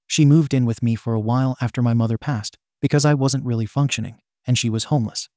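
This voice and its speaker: Mellow-voiced male story narrator. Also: medium pitch, steady tone, fast talker, dry recording, clean studio sound. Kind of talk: scripted narration of online posts.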